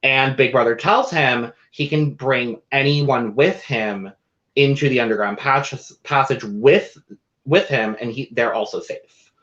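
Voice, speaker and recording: A man co-hosting a casual recap show, chatty and animated, with playful asides. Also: mid-range voice, unhurried. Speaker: podcast co-host. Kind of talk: casual chat. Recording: dull lo-fi audio.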